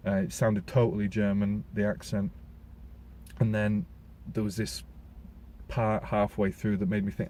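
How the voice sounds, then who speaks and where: A man's voice: lowish voice, flat delivery, unhurried, warm tone, slight background noise. A man giving a casual spoken film review as a podcast host, rambling along with restarts and fillers.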